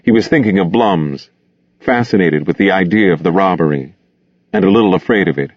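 Deep-voiced male audiobook narrator. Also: a little fast, no room sound. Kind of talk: scripted narration. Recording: dull lo-fi dry recording.

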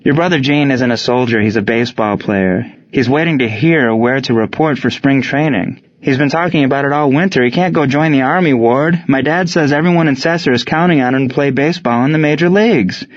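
A man doing an earnest, spirited young woman in an audiobook, her voice raised well above his own and a touch louder. She pleads and scolds in turn, and the recording sounds a little muffled. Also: medium pitch, brisk, hardly any pauses, dry recording, voice pushed up, close to an everyday voice. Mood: pleading.

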